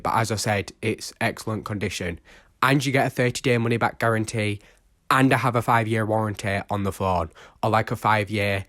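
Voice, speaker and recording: A man's voice: on the low side, fairly bright tone, no room sound, clean studio sound. A young man chatting casually to camera as a vlogger, rambling and self-mocking, recorded on an old smartphone used as a microphone.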